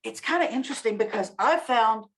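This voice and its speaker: A woman guest on a podcast, talking in a lively, storytelling way. Her voice sits a little high and swings widely in pitch as she acts out examples with emphasis. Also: brisk. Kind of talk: casual interview chat.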